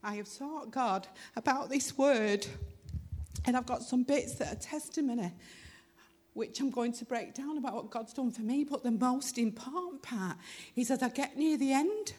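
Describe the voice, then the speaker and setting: A woman's voice: high voice, moderate pace, a little mellow. Earnest emotional woman preaching a sermon. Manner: emotional, earnest, rising with fervor. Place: church hall.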